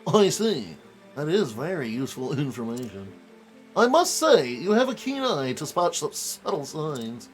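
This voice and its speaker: A man's voice: fairly high pitch, big pitch swings, unhurried, soft background music. A man voicing a pompous, wordy male scholar detective, reading game dialogue aloud in a formal, lecturing manner.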